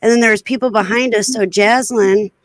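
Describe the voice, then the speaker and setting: A woman's voice: a little high, fairly even intonation, brisk, no room sound. Rambling woman telling a story, dry sound. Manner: rambling with many fillers and restarts. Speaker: co-host of a reselling live show. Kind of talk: casual storytelling chat.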